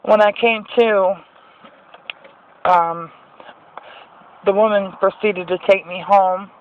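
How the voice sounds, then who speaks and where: A woman's voice: mid-range voice, steady tone, takes it slowly, muffled recording, slight background noise. A woman sharing a personal faith testimony in an earnest, rambling way, often restarting her sentences.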